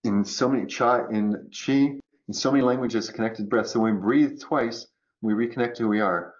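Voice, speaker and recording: A man talking as a podcast guest about choice and resilience, acting out quoted voices in an animated way. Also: medium pitch, moderate pace, dull audio. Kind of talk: conversational coaching talk.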